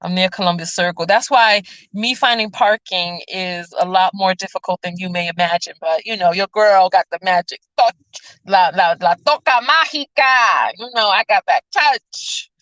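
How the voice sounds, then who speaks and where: A woman with a New York accent hosting a casual livestream chat from a city street, telling stories in an animated way with sudden high exclamations. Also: moderate pace, no echo, lo-fi sound. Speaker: vlogger and show host.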